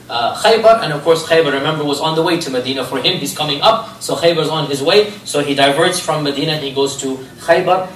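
A man's voice: on the high side, fairly bright tone, a little hiss or hum. A man teaching religious history as a story, asking rhetorical questions and using Arabic phrases. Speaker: Islamic history lecturer. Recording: roomy, distant mic, faint ambience.

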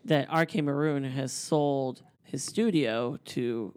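A relaxed co-host chimes in to fill out a film recap and adds dry jokes along the way. The voice sits at a middle pitch, and the recording is dry and close. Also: slow, no echo. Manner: relaxed, dry humor, chimes in to finish the story. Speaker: podcast co-host. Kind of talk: casual film recap chat.

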